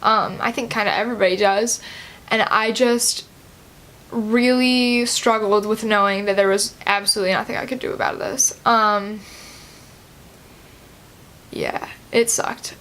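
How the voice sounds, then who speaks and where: A woman's voice: mid-range voice, fairly even intonation, measured pace, pauses often, fairly bright tone. A teenage girl of about seventeen vlogging a personal story, chatty and loose, with many "like" and "um" fillers. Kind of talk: casual personal story to camera.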